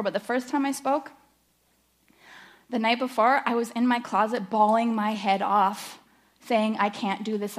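A middle-aged woman giving a candid, story-driven church teaching, self-deprecating and chatty. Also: on the high side. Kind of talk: personal sermon-style teaching.

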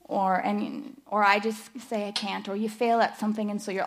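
A woman's voice: medium pitch, flat delivery, normal speed, hardly any pauses. A middle-aged woman giving a candid, story-driven church teaching, self-deprecating and chatty. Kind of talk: personal sermon-style teaching.

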